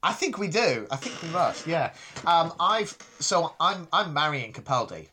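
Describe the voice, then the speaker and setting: A man's voice: fairly high pitch, big pitch swings, a little slow, sharp tone, a little hiss or hum. A man co-hosting a podcast in casual chat, dry and self-deprecating, often restarting his sentences. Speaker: podcast co-host.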